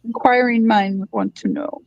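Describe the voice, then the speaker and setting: A fairly high-voiced woman chats easily while crafting on a livestream. She muses aloud about her work and keeps the talk going as host. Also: steady tone, a little slow, gravelly, dry recording, highs cut off. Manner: chatty, musing aloud. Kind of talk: casual chat while crafting.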